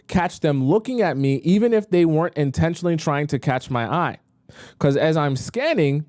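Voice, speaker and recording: A man's voice: on the high side, darkish tone, no room sound, clean studio sound. A man, a dating coach, chatting emphatically on a live stream as he reacts to clips.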